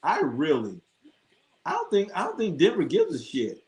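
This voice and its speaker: His voice sits high with huge pitch swings, a moderate pace, and a slightly mellow quality. As a sports livestream host, he rambles profanely, reacts to scores, chats with viewers, and shares jokey anecdotes.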